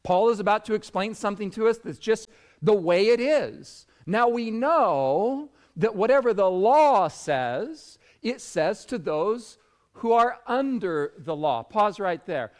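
Brief: male pastor, slightly higher voice, unhurried sermon delivery with lots of swing in pitch. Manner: animated storytelling preacher.

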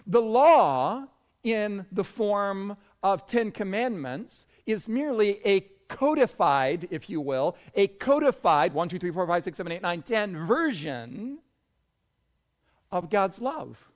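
Slow, animated male preacher. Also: high-pitched. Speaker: pastor. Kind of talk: sermon.

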